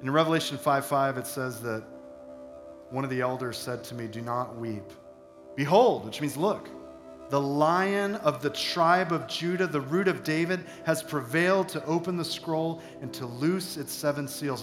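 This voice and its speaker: A man preaches a sermon in a fairly high voice, building to fervent proclamation. The church sanctuary around him rings with echo, and the band's music plays clearly behind his words. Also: moderate pace. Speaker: pastor. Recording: echoey church room with music. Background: band playing softly.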